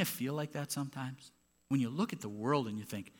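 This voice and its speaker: A man's voice: mid-range voice, fairly quick. A man preaching a sermon as pastor of a church, conversational and emphatic when making a point. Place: church sanctuary. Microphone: handheld or clip mic with popping.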